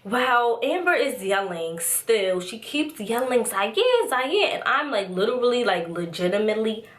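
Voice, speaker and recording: A young adult woman vlogger telling a casual story-time tale, chatty and animated, with lots of "like" and "so". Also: medium pitch, normal speed. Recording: roomy echo.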